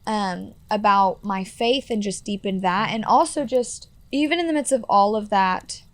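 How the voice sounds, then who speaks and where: A young woman in her twenties recounts her own past in an earnest, rambling way, leaning on "like" and "you know". Her voice sits at an ordinary middle pitch and sounds dry and close, with no room around it. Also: normal speed, dry recording. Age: 20s. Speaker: guest. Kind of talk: personal storytelling in a podcast interview.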